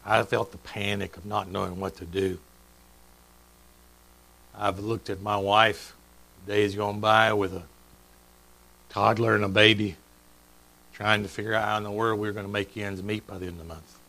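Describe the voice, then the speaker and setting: A man's voice: on the low side, level tone, normal speed, gravelly, long pauses, sharp tone, poor audio. A middle-aged man preaching a sermon in a church, chatty and joking, quizzing the congregation. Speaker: pastor. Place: church sanctuary.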